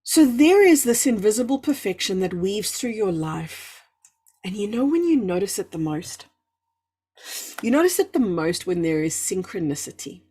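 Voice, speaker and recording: Answering her viewers' comments during a live spiritual talk, a woman sounds effusive and encouraging, lengthening emphatic words. Her husky, dark-toned voice is mid-range with big pitch swings, and she keeps a moderate pace.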